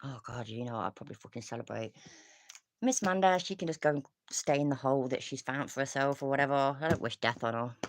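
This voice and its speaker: A woman's voice: a bass voice, quick pace, a little hiss or hum. Swearing woman ranting casually. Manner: rambling, swearing, frequent restarts and sighs. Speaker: commentary streamer.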